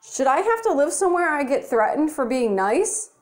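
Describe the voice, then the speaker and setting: A young vlogger with a high, sing-song voice films herself on a handheld phone at home, ranting at a moderate pace. She sounds exasperated and blunt, swearing as she goes.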